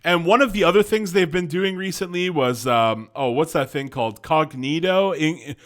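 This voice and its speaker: A man's voice: on the high side, moderate pace, a bit bright. A young man in casual reaction commentary, rambling, correcting himself and laughing often. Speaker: YouTube commentator.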